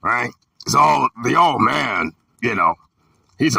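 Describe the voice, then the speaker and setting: A man in his fifties telling a story in an emphatic, preachy way, sometimes shouting, with a gravelly, raspy voice. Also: medium pitch, expressive, takes it slowly, no echo. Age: 50s. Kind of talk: storytelling talk. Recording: dry and distant from the mic.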